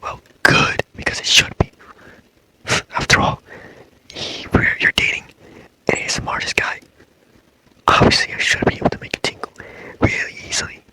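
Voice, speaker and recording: Bright-voiced man in whispered role-play. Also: moderate pace, long pauses, rough recording. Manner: repetitive whisper talk, boyfriend role-play. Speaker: ASMR creator.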